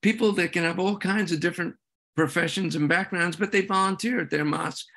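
Man, somewhat higher voice, presenting at a community meeting; earnest, halting delivery with restarts. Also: steady tone, vocal fry, sharp tone. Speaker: presenter at a veterans' group meeting. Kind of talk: informal talk with slides.

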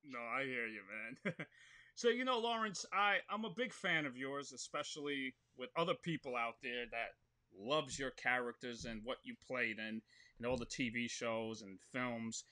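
Bright, upbeat male interview host. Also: mid-range voice, normal speed. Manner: upbeat, hyping intros, chummy. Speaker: show host. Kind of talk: casual interview.

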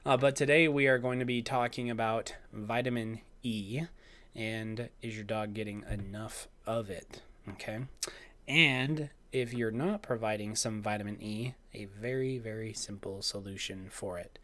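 A man who is slightly hoarse hosts a live show, chatting casually as he reads viewers' comments and keeps asking "okay?". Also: on the low side, steady tone, a little slow, fairly bright tone. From Utah. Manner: chatty, repeats "okay?" often. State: slightly hoarse, clearing his throat. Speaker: host of a live raw dog-feeding show. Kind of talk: casual livestream talk, reading chat.

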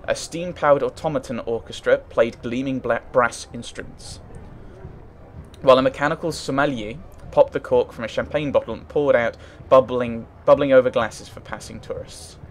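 Brief: male let's player, mid-pitched, halting and chatty, reading game text, faint background hiss. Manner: thinks aloud, hesitant, restarts often. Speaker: let's play gamer. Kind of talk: casual let's play commentary, reading game text aloud.

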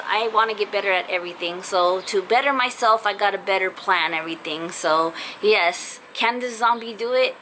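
A woman's voice: medium pitch, pushed and bright, slight background noise, rough recording. A young woman talking casually and earnestly to her viewers, apologizing and rambling with fillers, her voice cutting in and out after being sick. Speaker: vlogger. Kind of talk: casual heartfelt vlog talk to viewers. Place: in a car.

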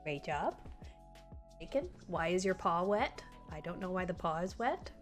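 A young community manager's voice is lowish, animated and a little slow as she chats with viewers on a casual livestream. Between comments she baby-talks to her dog, while music plays faintly in the background.

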